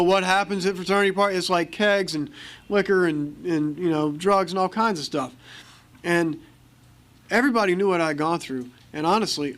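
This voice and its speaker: A man's voice: on the high side, a bit bright. An American man speaking at a recovery meeting, telling his story candidly and acting out the voices of people in it. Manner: candid storytelling, acts out quoted dialogue. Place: meeting hall.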